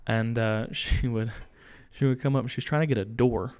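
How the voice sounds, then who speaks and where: A young man, a podcast co-host, casually telling a story in a small home studio, animated, acting out voices and laughing. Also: mid-range voice, moderate pace, clear, resonant tone. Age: young adult.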